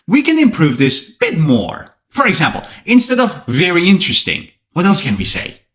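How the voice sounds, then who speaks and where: Lively male English teacher. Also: on the high side. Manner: lively, playful, with joking asides. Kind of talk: vocabulary lesson to camera.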